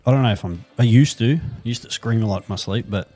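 A man's voice: mid-range voice, fast talker, dark tone, slightly rough, faint music behind. A young Australian man co-hosting a podcast, chatting casually with lots of swearing and laughter. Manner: laid-back, swears a lot, laughs often. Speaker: podcast co-host. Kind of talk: casual chat.

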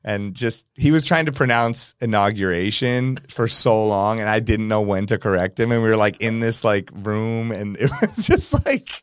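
A man guesting on a podcast, telling a story in a lively way and acting out the lines of the people in it. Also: moderate pace, hardly any pauses, smooth, no echo. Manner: animated storyteller, acts out quotes with jumps in pitch. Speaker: DJ and producer guest. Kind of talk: casual podcast interview storytelling.

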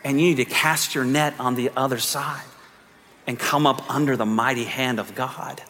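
A man preaching a sermon as pastor, moving from quiet teaching to fervent, almost shouted appeals. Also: medium pitch, steady tone, moderate pace, in a large hall, a little hiss or hum.

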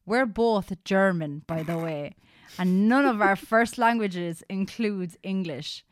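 A woman's voice: mid-range voice, slow pace. A woman co-hosting a casual podcast, giggling as she reads funny listener stories aloud. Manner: giggly, animated storyteller. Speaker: podcast co-host.

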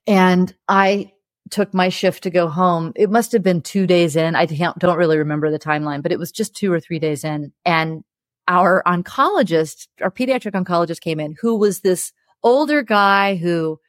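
A woman with a fairly low voice, speaking openly and with feeling as an interview guest. She recounts hard memories in a candid conversational way, breaking into laughter now and then. The sound is dry and close, with little room echo. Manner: frank and emotional, laughing through hard memories. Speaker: interview guest, television producer.

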